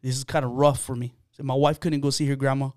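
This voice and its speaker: A man's voice: medium pitch, little pitch movement, fast talker, darkish tone, clear, resonant tone, dry recording, studio quality. A man, a podcast guest, telling an earnest personal story in casual chat, with many fillers and restarts.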